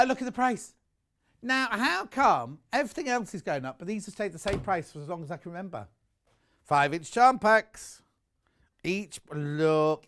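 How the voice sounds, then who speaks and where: A man's voice: high voice, fairly bright tone. A man presenting on a live shopping channel, chatty and enthusiastic, rambling into personal asides between prices.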